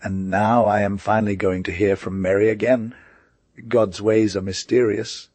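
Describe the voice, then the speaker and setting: A man's voice: on the low side, flat delivery, normal speed, darkish tone, no room sound, natural voice. A man reading as a tearful older stepmother. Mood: urgent. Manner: emotional, pleading. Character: older woman, grief-stricken, remorseful stepmother. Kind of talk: audiobook character reading.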